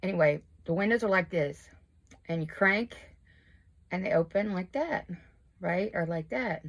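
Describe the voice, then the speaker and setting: Lady in her 50s, chatty and rambly, kinda low voice, just chitchatting while getting ready at home. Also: animated, measured pace. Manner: rambling, chatty, self-deprecating. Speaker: crochet and makeup vlogger.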